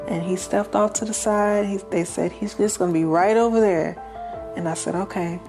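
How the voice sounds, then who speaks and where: A woman's voice: medium pitch, steady tone, brisk, over music. A woman, a guest in an interview, earnestly telling her life story and acting out the voices of the people in it. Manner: earnest, acts out quoted dialogue.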